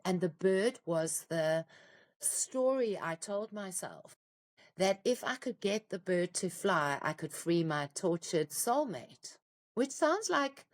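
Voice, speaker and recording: Woman, middle-aged, podcast guest, emotional storytelling, slightly low voice, heartfelt and raw. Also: expressive, slow. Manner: raw, heartfelt, close to tears.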